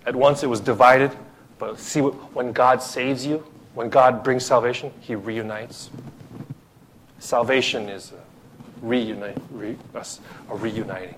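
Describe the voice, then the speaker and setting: A man preaching a sermon to a small group in a small room, swinging from emphatic, rising lists to low, soft asides. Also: a little hiss or hum. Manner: builds to excited, emphatic lists, then drops low and soft. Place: small room with few listeners.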